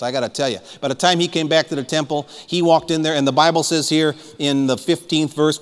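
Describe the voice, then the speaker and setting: A man preaching a fiery sermon as pastor, rising to shouts and calling for amens. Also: fairly high pitch. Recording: long hall reverb.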